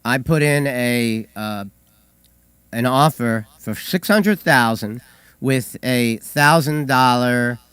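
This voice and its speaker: A hoarse man co-hosting a call-in show, telling stories with hesitant fillers and dry humor. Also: medium pitch, takes it slowly, a bit bright, dry recording. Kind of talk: casual radio chat.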